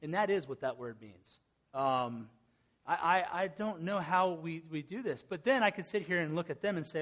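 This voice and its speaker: A man's voice: on the high side, expressive, normal speed, fairly bright tone. A middle-aged man preaching a sermon as pastor, conversational and earnest, with casual asides and restarts.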